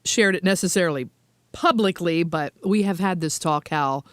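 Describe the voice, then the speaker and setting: A woman's voice: on the low side, moderate pace, no echo, clean studio sound. Playful middle-aged woman podcast host. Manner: playful, teasing, laughs often. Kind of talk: casual chat.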